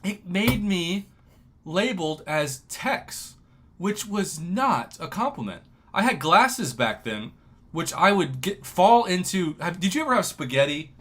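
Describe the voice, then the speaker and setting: Man in his thirties from New Mexico; high-pitched, emotional livestream host. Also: measured pace, slightly rough. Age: 30s. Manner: emotional, excitable, ranting. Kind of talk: casual livestream chat.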